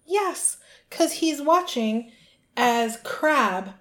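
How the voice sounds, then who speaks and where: A woman co-hosting a podcast, retelling a book chapter in casual chat and acting out the characters' lines in quick put-on voices. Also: high-pitched, expressive, a bit bright. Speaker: podcast co-host.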